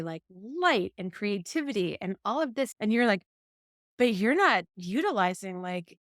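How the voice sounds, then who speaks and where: Here a woman co-hosting a podcast recounts a personal episode, animatedly replaying her own words from the time. Her voice is mid-range, and the recording is dry and studio-clean.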